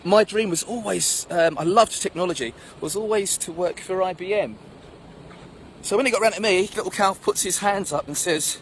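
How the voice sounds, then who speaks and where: A man's voice: sits high, moderate pace. A middle-aged man tells a personal story outdoors, acting out the voices of the people in it. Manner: animated storyteller who acts out the voices of people in his story. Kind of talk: storytelling monologue. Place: outdoors at sunrise. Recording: outdoor noise with passing traffic. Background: street and traffic noise.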